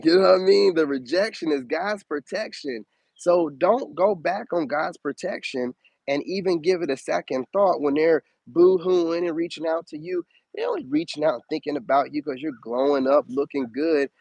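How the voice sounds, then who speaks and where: Casting: animated male streamer, preachy, highish voice, close dry mic. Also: breathy edge, no room sound, rough recording. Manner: animated, preachy, swoops up high for emphasis. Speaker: spiritual advice streamer. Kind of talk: casual live-stream monologue.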